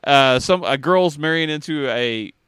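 A man co-hosting a casual podcast chat, talking in a lively way, laughing often and swearing casually. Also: a little high, measured pace, clear, resonant tone, no room sound, studio quality. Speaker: podcast co-host.

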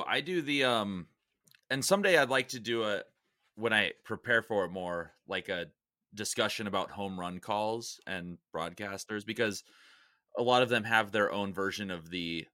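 Bright-toned man co-host, dry sound. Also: fairly low pitch, no room sound. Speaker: podcast co-host. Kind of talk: casual chat.

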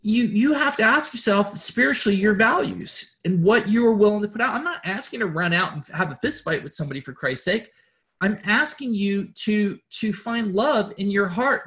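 A man's voice: high-pitched, a bit bright. Guy giving a swear-heavy spiritual pep talk, keeps restarting and repeating himself, blunt preachy tone. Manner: repeats words and restarts sentences. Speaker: host.

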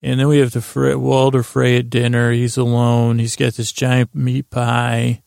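A man with a deeply gravelly voice rambles through an episode recap. He speaks in a flat, even tone and often stops to restart his sentences. The recording is dry and close. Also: dry recording. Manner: halting, with many fillers and restarts. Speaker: podcast host.

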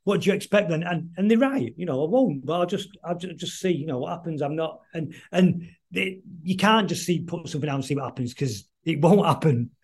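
A man's voice: a little high, animated, vocal fry, darkish tone, slightly rough. A middle-aged man, chatting as a guest musician in a casual interview, rambling and stopping to restart often. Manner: rambling, halting, many restarts.

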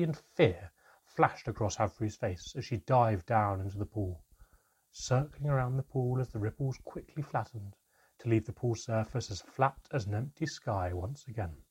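A man's voice: on the low side, a little mellow, slightly rough. A man reading a first-person adventure story aloud in a dramatic storytelling manner. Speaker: narrator. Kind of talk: audiobook narration.

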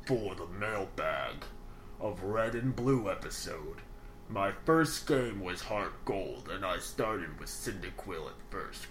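A podcast co-host doing a Darth Vader impression while he reads a listener email aloud in a slow, heavy voice. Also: low voice, expressive, voice pushed down. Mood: ominous. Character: Darth Vader impression, deep menacing male villain. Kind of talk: put-on voice reading a letter aloud. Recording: loud clicking noise over the voice.

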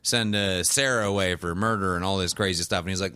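Low-voiced man rambling through a recap. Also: steady tone, sharp tone, clean tone, no echo. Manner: rambling storyteller, acts out characters in quick asides. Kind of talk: casual chat recapping a TV show.

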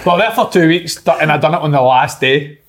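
A man's voice: on the high side, a little fast. A Scottish man co-hosting a casual podcast, telling his story in a plain-spoken way. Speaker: podcast co-host. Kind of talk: casual chat.

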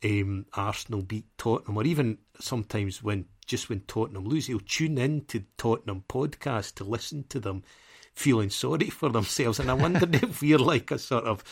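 A man's voice: mid-range voice, normal speed, slightly rough. A man co-hosting a football podcast, chatting casually in a rambling, self-deprecating way and laughing often. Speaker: podcast co-host.

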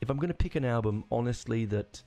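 A man's voice: mid-range voice, expressive, quick pace, mellow. A man hosting a podcast on his own, rambling enthusiastically with many restarts. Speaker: podcast host. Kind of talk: casual solo rambling.

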